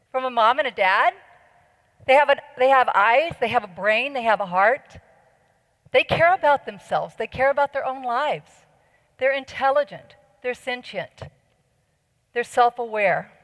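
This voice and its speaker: A woman's voice: high-pitched, lively intonation, unhurried, pauses often, a bit bright. A middle-aged woman giving an earnest, persuasive conference talk and questioning her audience. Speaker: conference speaker. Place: large conference hall. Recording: long hall reverb.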